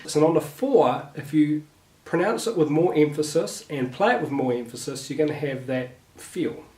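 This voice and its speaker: A man giving a relaxed guitar lesson, talking through finger positions with a few fillers. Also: on the high side, moderate pace. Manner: relaxed, thinks aloud with fillers. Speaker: guitar teacher. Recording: roomy with guitar playing. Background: guitar playing.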